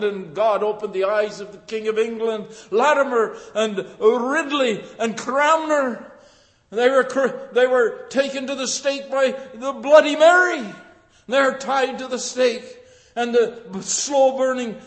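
An older man preaching a sermon with passion, swinging from hushed tones to shouts. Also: sits high, in a large hall.

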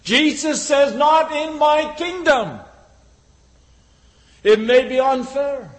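A man preaching a sermon, swinging between loud exhortation and hushed questions. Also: very high-pitched, low-quality recording.

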